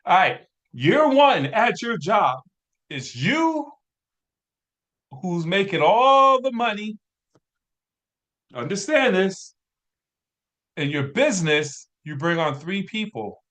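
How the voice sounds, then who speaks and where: A man with a fairly high voice leads a motivational business training session. He talks slowly and deliberately, with energetic, preachy emphasis, as he works at his computer and sketches on the screen. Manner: energetic, preachy, drawing on a screen while talking. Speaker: business coach.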